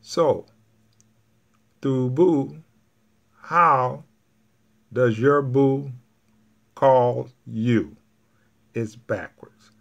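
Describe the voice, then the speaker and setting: Very slow-talking male Spanish teacher. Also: mid-range voice, creaky, a bit bright, lo-fi sound. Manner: patient, repeats each point step by step. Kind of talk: classroom grammar explanation.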